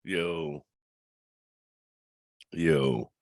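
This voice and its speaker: A man's voice: rumbling low, extremely slow, dry recording. A man hosting a podcast from home, chatting casually, cracking jokes, swearing freely and laughing often. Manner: joking and profane, laughs often. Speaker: podcast host.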